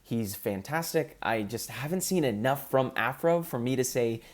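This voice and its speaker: A man's voice: mid-range voice, lively intonation, moderate pace. A man in casual commentary, ranking competitive gamers in an upbeat, chatty way with frequent ums.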